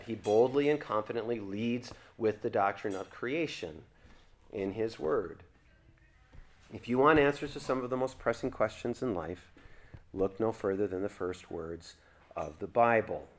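Man teaching a church seminar. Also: mid-range voice. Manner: conversational, asks the class questions. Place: church classroom.

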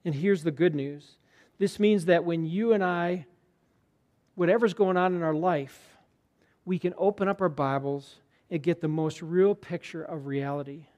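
A man preaching a sermon as pastor, earnest and conversational, sometimes dropping to a hushed tone for emphasis. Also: a little high, fairly even intonation, a little slow, muffled recording.

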